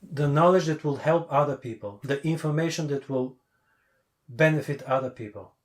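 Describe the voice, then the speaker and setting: A non-native English-speaking man with a somewhat high voice, coaching in a casual call. He talks bluntly and with emphasis, and he hammers his main points again and again. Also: normal speed. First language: not English. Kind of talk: casual video call chat.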